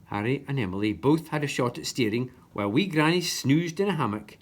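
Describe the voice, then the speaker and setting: Lively woman reading a storybook. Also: very deep voice, a little fast, few pauses. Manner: lively expressive narration. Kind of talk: reading a children's story aloud.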